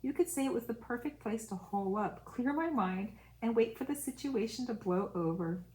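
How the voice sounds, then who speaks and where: A woman's voice: fairly high pitch, expressive, moderate pace, darkish tone, rough recording. A woman reading a novel aloud, stopping now and then for brief casual asides. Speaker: audiobook reader.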